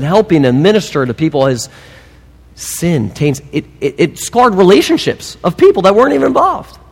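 Animated preacher man in a reverberant hall. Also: a little high, slightly rough. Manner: animated, emphatic, with humorous asides. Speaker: pastor. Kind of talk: sermon.

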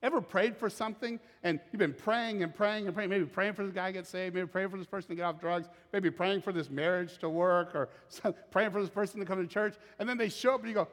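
A man preaching a sermon as pastor, animated and acting out scripture quotes in dramatic voices. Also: high-pitched, fast talker, hardly any pauses. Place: church auditorium. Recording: long reverb of a large hall.

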